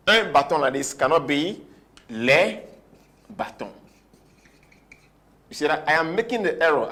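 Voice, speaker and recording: A man teaching a French grammar lesson at a board, slowing down on key words and often checking that students follow. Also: on the high side, a bit bright. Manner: repetitive, checks understanding often; slows down to stress key words. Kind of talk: whiteboard language lesson.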